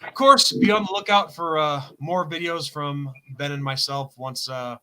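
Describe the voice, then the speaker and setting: A man's voice: on the high side, fairly even intonation, normal speed, a crowd in the background. A man hosting a live stream, chatting casually and laughing often. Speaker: host.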